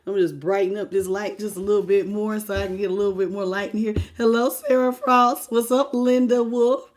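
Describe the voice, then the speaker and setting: A woman with a hoarse, laryngitis-worn voice hosting a live tarot stream, chatting casually and familiarly with viewers and calling them baby and boo. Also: mid-range voice, fairly even intonation. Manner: unhurried and chatty, laughing often.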